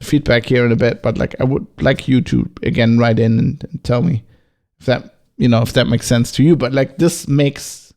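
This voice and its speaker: A man's voice: medium pitch, fairly even intonation, moderate pace, gravelly, darkish tone. A man with a German accent hosting a solo podcast, talking in a casual, agitated way, swearing and firing off rhetorical questions. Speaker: podcast host.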